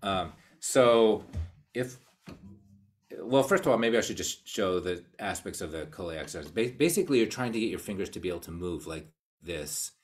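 A man with an American accent giving a casual live online cello lesson, explaining ideas and counting beats out loud. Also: low voice, expressive, moderate pace. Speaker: cello teacher. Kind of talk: live online masterclass talk.

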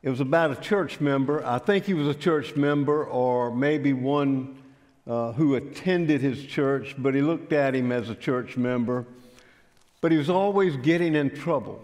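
An older man, telling a story in a sermon in a folksy, unhurried way. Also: mid-range voice, darkish tone. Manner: folksy, unhurried, frequent fillers. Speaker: pastor. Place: church sanctuary. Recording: church hall with long reverb.

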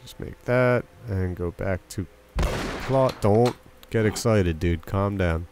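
A man's voice: lowish voice, takes it slowly, a little mellow, a little hiss or hum. A young man giving casual gameplay commentary, chatting with game characters and breaking into yelps and silly sound effects. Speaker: let's play commentator.

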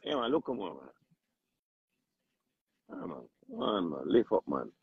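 A Jamaican man bantering on a livestream, his voice gravelly and husky. His pitch swings all over the place, and the sound is dry and slightly dull. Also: sing-song, a little slow, no room sound. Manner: loud, laughing, joking patois banter. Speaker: livestream host.

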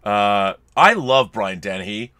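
A man's voice: fairly low pitch, measured pace, clear, resonant tone, dry recording. A man co-hosting a livestream podcast, chatting casually and reading out viewer messages with playful asides. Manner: animated, reads chats aloud with playful voices. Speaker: podcast co-host.

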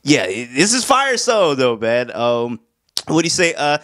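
A man's voice: mid-range voice, sing-song, unhurried, fairly bright tone. A young man giving a casual, slangy album review, laid-back and now and then humming along. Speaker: music reviewer.

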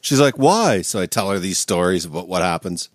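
A man's voice: sits low, fast talker, dry recording. A man co-hosting a podcast over a video call, telling a wild story with lots of swearing and laughter. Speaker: podcast co-host. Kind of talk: casual chat, storytelling.

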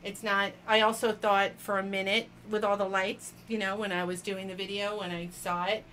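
Bright-voiced chatty woman auction host. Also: mid-range voice, level tone, normal speed, slight background noise. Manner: chatty, laughing often, addressing viewers by name. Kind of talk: casual live-stream chat.

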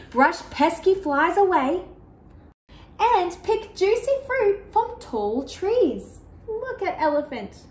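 A woman reading a picture book aloud to children, animated and asking the listener questions. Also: high-pitched, roomy sound. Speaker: children's storyteller.

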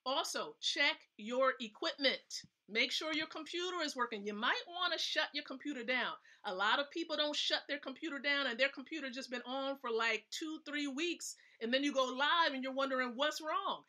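A woman hosts a casual live stream, offering chatty, emphatic tips and regularly asking her viewers questions. Her voice sits high and sharp, moving a little fast with few pauses.

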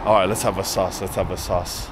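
A man's voice: low voice, little pitch movement, a little fast, background noise. Slangy young New man vlogging. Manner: slangy, upbeat, thinks aloud. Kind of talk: casual vlog chat. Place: outdoor car yard.

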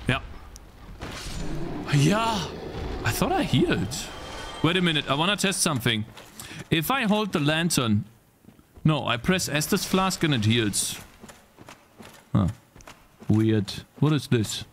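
A young man streaming live gameplay commentary, swearing and yelling at the game, then apologizing. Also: fairly high pitch, very animated, takes it slowly, long pauses, slight background noise.

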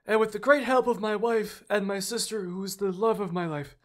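A man's voice: high-pitched, fairly even intonation, a little fast, a bit bright. A man doing a comedic impression of a rambling, stammering male president giving a speech.

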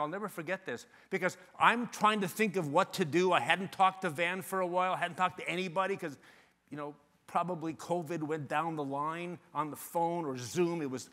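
A man in his sixties speaks from a conference stage with a high-set, sharp, forceful voice. He tells stories and acts out both sides of phone calls, bouncing between voices with plenty of energy. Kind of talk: motivational sales talk to an audience.

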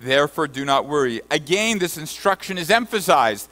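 A man preaching in a fairly high voice, reading scripture verses aloud between his own points. He swings from loud, emphatic bursts down to low, quiet lines. A faint mains hum runs under the recording. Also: very animated, normal speed, low-quality recording. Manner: rises to loud emphatic bursts, then drops low and soft. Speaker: pastor. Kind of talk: sermon.

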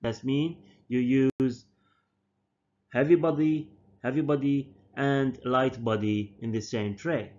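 A man, a native Arabic speaker, giving a university dental lecture slowly and deliberately, often repeating and correcting his terms. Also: mid-range voice, steady tone, a little mellow. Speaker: dental professor. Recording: dull lo-fi lecture recording.

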